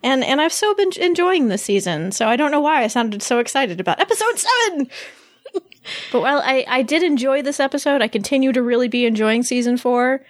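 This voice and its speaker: A woman co-hosting a podcast in casual chat, animated and laughing often as she talks. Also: high-pitched, quick pace, hardly any pauses, no echo. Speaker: podcast co-host.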